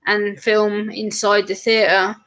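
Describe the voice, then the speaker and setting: Chatty woman telling animated stories. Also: mid-range voice, slow pace, clear, resonant tone. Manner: chatty, animated storytelling with quoted asides. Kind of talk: casual chat.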